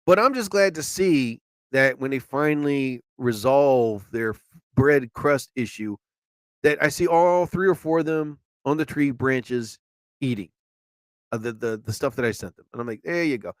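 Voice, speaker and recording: Speaking at a moderate pace in a mid-range voice, this man is heard with no room sound. As host of a live show he rambles on about everyday happenings, telling them with animation and acting out what people said.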